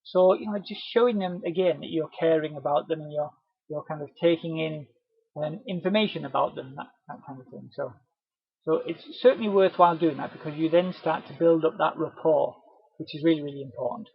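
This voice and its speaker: A man runs an online sales training session in a friendly, chatty way, often slipping into bright little doorstep greetings. His voice sits fairly high and has a husky edge. The sound is dry and close, a touch dull and muffled. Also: brisk, dry recording. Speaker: webinar presenter. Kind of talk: casual training webinar.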